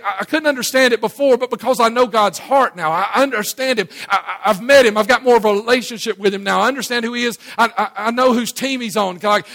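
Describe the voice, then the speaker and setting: A very high, fairly bright voice belongs to a middle-aged man preaching in church to a live audience. He keeps it conversational and down-home, asking the crowd questions and often beginning his words again.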